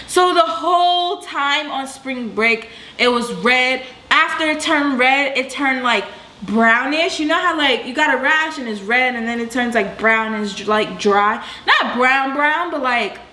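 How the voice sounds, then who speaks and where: Young woman, high bright voice, animated slangy storytelling, echoey room. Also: a little hiss or hum. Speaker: vlogger. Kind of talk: storytime vlog.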